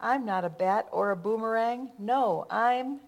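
A woman's voice: on the high side, a little slow, dull audio, pitched above the performer's own voice. A woman voicing Stickman, a small earnest stick man, in a storybook reading, repeating a sing-song refrain. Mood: pleading.

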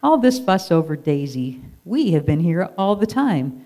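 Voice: medium pitch, very animated, measured pace, dark tone. A storyteller voicing a sulky, jealous sheep who moans and complains. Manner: whiny complaining.

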